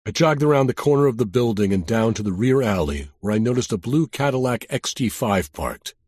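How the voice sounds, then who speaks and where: A man narrating a first-person thriller audiobook in a wry, deadpan detective voice. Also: medium pitch, a little fast, no room sound, clean studio sound.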